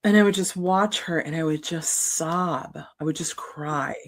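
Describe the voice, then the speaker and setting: A middle-aged woman appearing as an author guest shares a personal story. She speaks earnestly and emotionally, with a halting delivery, and her voice sits low.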